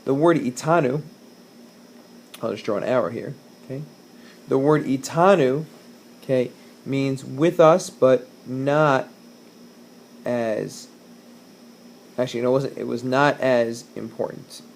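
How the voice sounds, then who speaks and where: A male teacher with a gravelly edge to his mid-pitched voice walks through a text, reading Hebrew verses aloud and translating them phrase by phrase. His delivery is casual, with fillers and restarts. A faint hiss sits under the recording. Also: slow pace, pauses often. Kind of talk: recorded whiteboard lesson.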